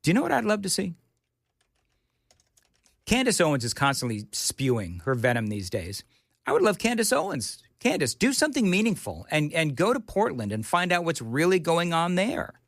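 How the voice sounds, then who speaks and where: A man's voice: on the high side, huge pitch swings, moderate pace, a bit bright, no echo, clean studio sound. A male talk radio host delivering an indignant, opinionated monologue with mocking asides. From United States. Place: radio studio.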